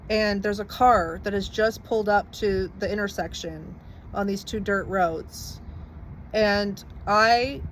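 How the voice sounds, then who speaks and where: A woman's voice: mid-range voice, slight background noise. A young woman casually recounting a personal story to camera, rambling with lots of "like" and some swearing. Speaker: vlogger telling her story.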